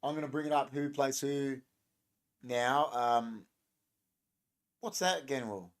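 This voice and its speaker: A man's voice: mid-range voice, takes it slowly. A young adult man, hosting a casual livestream, rambling and joking as he reacts to viewers' chat comments. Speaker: livestream host. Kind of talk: casual live-stream chat.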